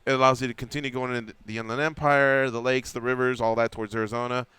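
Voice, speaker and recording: In a radio studio, a male host tells a long anecdote in casual chat, animatedly acting out the quotes. His mid-range voice is fast and smooth, and the recording is dry.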